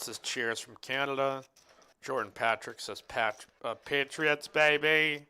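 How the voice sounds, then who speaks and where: A man's voice: medium pitch, measured pace, pushed and bright, clear, resonant tone. A man commenting live on a poker final table, rambling about football and reading viewer chat in a joking, casual way. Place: card room commentary booth.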